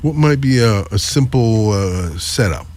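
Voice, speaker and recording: Man, interviewer, lively pitch, hesitant, casual talk. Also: a little slow.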